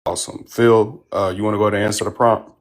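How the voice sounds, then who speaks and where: Low-voiced man moderating a panel. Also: flat delivery, fast talker. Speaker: discussion moderator.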